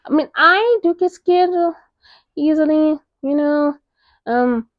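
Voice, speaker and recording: A woman's voice: high-pitched, slow, dry recording. Upbeat young woman from South Africa for a casual book-chat vlog. She gushes and peppers her lines with "like", recorded dry and a little muffled. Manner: gushing, animated, filler-heavy with many "like"s. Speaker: book reviewer.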